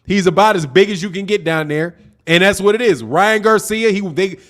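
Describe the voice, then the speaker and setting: High-voiced chatty man hosting a boxing stream. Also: moderate pace, fairly bright tone. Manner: loose and chatty, repeats phrases, laughs often. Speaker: boxing channel host. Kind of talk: casual livestream commentary reading viewer chats.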